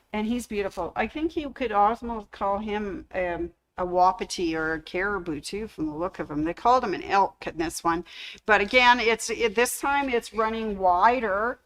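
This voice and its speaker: On a casual fabric store livestream, a woman chats away and cracks corny puns while showcasing products. Her mid-range voice has a fairly bright tone, though the recording is rough.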